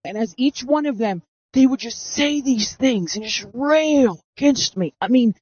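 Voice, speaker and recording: High-voiced woman telling a story through a voice mask. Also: animated, measured pace, a little mellow, slightly rough, no room sound. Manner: earnest, dramatic, re-enacting her own past reactions. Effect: voice masking filter. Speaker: storyteller giving personal testimony. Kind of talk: first-person storytelling. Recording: dull, dry, masked voice recording.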